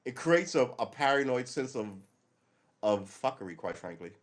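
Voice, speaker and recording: A man's voice: medium pitch, big pitch swings. A middle-aged man hosting a live stream, giving casual, rambling commentary as he reads and reacts to a news article, swearing freely. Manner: rambling and profane, acts out quick imagined dialogue.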